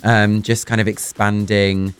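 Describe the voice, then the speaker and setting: A camp, lively man from talks as a guest, his voice hoarse from overuse. His speaking tone sits very low. Faint music plays behind him. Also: measured pace. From London. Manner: camp, animated and upbeat. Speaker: guest, drag performer. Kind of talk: casual chat.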